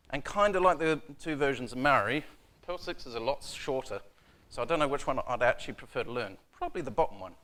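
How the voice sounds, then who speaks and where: Here a man from New Zealand, voice slightly bright and on the higher side, speaks as a conference presenter giving a casual technical talk in a conference room. His style is offhand and self-mocking, peppered with frequent ums and uhs.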